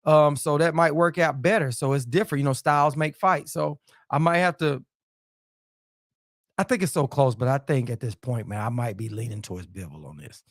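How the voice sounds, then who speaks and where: A man's voice: mid-range voice, normal speed, no room sound, clean studio sound. A man hosting a casual live-stream boxing chat, loose and repetitive, dropping "man" and "you know" into nearly every sentence. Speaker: boxing talk show host.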